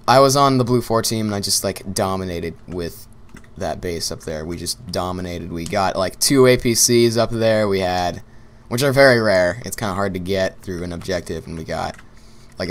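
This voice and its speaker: A young man giving casual gameplay commentary, rambling and repeating himself while he plays, often laughing. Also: deep voice. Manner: rambling and repetitive, talking to himself, with bursts of laughter.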